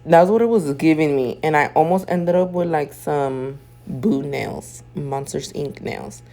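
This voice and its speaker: A woman nail artist recording a casual voiceover at home while doing her makeup. She sounds sleepy because she just woke up, clears her throat now and then, and tells her stories in chatty, profane slang. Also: low voice, measured pace, warm tone. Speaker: nail artist and video host.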